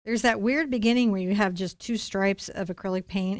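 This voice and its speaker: A woman's voice: mid-range voice, fairly even intonation, quick pace, no room sound. A woman leading a live-streamed painting lesson, talking playfully and encouragingly straight to her viewers. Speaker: painting instructor.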